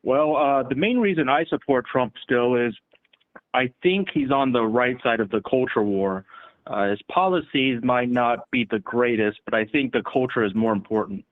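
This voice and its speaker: A man in his late thirties with a middle-pitched voice, debating in a calm, measured way. His voice comes through a narrow, tinny phone line. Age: 30s. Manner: measured, asks questions back. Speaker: caller. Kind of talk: calm debate on a call-in show.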